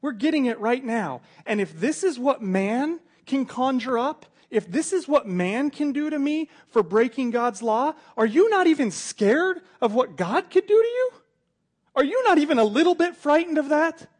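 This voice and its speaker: A man preaching who acts out a dying thief, raising his voice high and strained as he pleads fiercely. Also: very animated, normal speed, full character voice. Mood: fierce pleading. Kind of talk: preaching, acting out a scene.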